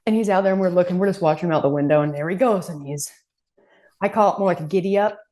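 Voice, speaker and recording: A woman with a lowish voice co-hosts a casual podcast. She tells family stories with animation, slipping into quoted voices and laughing as she goes. Her talk is relaxed and conversational. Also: fast. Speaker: podcast co-host. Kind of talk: casual chat.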